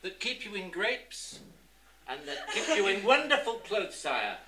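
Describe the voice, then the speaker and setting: A man's voice: high-pitched, sing-song, unhurried, echoey room, far from the mic, a crowd in the background. A man playing a fawning, scheming royal advisor who grovels obsequiously before his king. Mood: wheedling, scheming.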